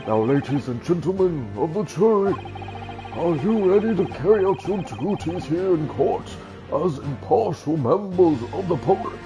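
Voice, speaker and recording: A man's voice: fairly high pitch, voice pushed up, rough recording. A man voicing a stern elderly male judge presiding over court, with formal, commanding speech. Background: game music.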